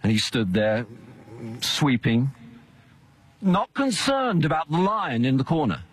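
A man's voice: on the high side, big pitch swings, unhurried, breathy edge. A male pastor delivering a sermon in an earnest, emphatic cadence.

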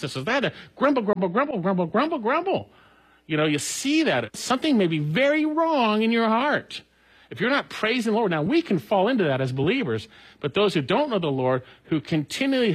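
Man, pastor type, husky and a bit high-pitched, earnest sermon delivery. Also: fairly bright tone, poor audio. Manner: earnest preaching with rising emphasis.

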